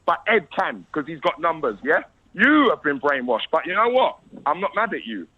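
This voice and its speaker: A man's voice: fairly high pitch, sing-song, moderate pace. A man arguing insistently in an interview, talking over the interviewer and pressing his point. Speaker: interview guest. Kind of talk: heated interview argument. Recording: muffled interview clip.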